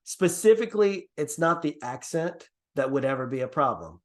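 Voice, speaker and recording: Male presenter from the Caribbean, slightly high voice, earnest and encouraging on a video call. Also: moderate pace. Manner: earnest, encouraging, lively pitch swings. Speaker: workshop presenter. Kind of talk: online workshop teaching.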